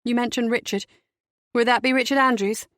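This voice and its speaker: A woman voicing a brisk, probing female police inspector asking pointed questions, recorded dry and close. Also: on the high side, fairly even intonation, a bit bright, no echo, lightly acted. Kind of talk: audiobook character voicing.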